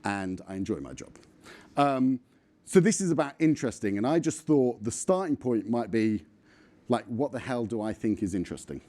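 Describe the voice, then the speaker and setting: A man's voice: mid-range voice, animated, normal speed, mellow. Blunt, swearing man in his forties. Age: 40s. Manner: blunt, swearing, rambling with frequent ums. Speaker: conference speaker. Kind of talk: casual, self-deprecating talk.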